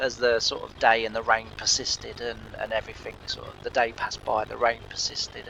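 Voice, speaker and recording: A man's voice: mid-range voice, vocal fry, pushed and bright, slight background noise, rough recording. A man hosting a farming game video, telling a rambling, self-deprecating story with lots of filler words. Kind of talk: casual storytelling over gameplay.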